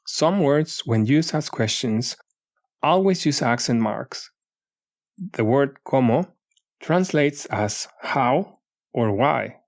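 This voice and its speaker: A man reading a beginner language lesson as an audiobook, in a measured, deliberate way, saying foreign words and then their meanings. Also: medium pitch, animated. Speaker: audiobook narrator. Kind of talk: scripted language-lesson narration.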